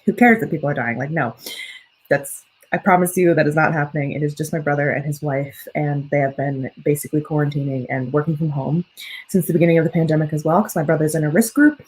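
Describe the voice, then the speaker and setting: Chatty young woman, husky low voice. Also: steady tone, quick pace, darkish tone, low-quality recording. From United States. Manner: chatty, rambling, self-correcting. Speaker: livestream host and student writer. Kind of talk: casual livestream chat reading comments.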